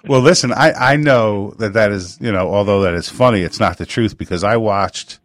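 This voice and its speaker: A man's voice: on the low side, normal speed, no room sound. A man in his forties hosting a radio call-in interview, loose and joking, swearing casually. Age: 40s. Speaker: radio show host.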